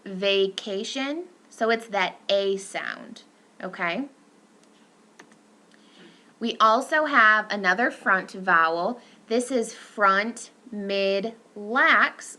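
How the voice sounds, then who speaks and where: A woman's voice: mid-range voice, pushed and bright. A young adult woman giving a recorded lecture, explaining step by step with fillers and self-corrections.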